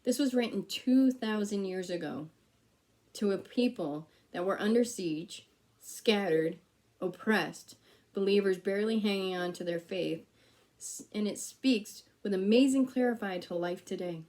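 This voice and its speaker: A woman's voice: medium pitch, a little slow, darkish tone. A woman giving a sermon in a church, speaking conversationally and telling a personal story with quoted back-and-forth dialogue. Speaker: preacher.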